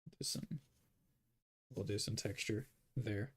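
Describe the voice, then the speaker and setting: Guy muttering to himself while drawing, rambly, gravelly voice. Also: on the low side, steady tone, slow. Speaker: artist. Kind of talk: casual drawing commentary.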